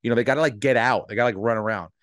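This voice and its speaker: A middle-aged man, a podcast co-host, telling a long animated story in casual chat, swearing freely and acting out the voices of people in it. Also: mid-range voice, very fast, no echo, studio quality.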